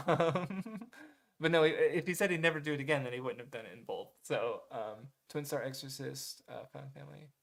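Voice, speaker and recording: A man's voice: medium pitch, moderate pace, creaky. A man talking casually to viewers, rambling with lots of "um" and "like", correcting himself mid-sentence and swearing now and then. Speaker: streamer reading viewer recommendations.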